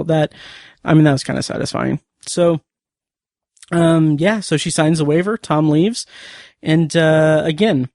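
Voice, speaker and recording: A man's voice: on the high side, measured pace, vocal fry, a little mellow, no echo, studio quality. A man hosting a podcast, casually recapping and reviewing a TV episode in a rambling way, with many fillers and restarts.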